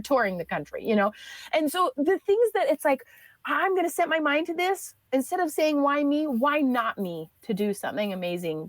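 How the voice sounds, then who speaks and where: A woman's voice: high voice, no echo. A woman in her thirties, a podcast guest telling a personal story in a chatty way, full of fillers and restarts.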